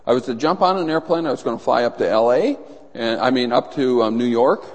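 Animated preacher man in a reverberant hall. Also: mid-range voice, fairly quick. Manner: animated storytelling, acts out voices in anecdotes. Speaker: pastor. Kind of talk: sermon. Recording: long reverb in a large hall.

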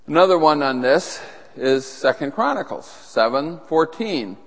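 A man's voice: a little high, expressive, a little slow. A middle-aged man preaching a teaching sermon and putting questions to his listeners. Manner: teaching, asks the audience questions. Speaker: pastor. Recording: long reverb of a large hall.

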